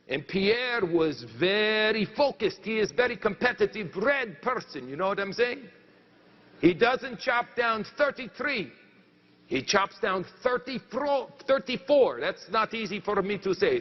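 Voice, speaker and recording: Man plays a bragging French woodcutter with a put-on French accent and a high voice. He pauses to hunt for words. Dull, echoing stage sound. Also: lively intonation. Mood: storytelling. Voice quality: halting, searching for words. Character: boastful French lumberjack man, storyteller. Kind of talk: comic monologue in character.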